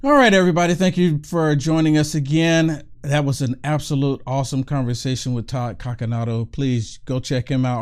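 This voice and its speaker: A man's voice: mid-range voice, a little mellow. A man hosting a talk show, speaking in a casual monologue to the camera and hammering his points home by repeating them. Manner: emphatic, repeats key points.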